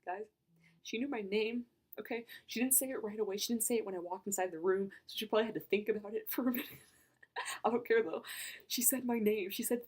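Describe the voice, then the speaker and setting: A young woman excitedly recounting a story in a vlog, rambling and gushing. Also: on the high side, a little fast, husky. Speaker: vlogger.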